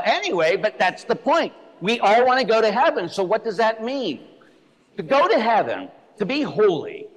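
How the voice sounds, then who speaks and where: A man, a Catholic priest, giving a blunt, animated, joking sermon to his listeners. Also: fairly high pitch. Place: church. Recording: echoey church hall.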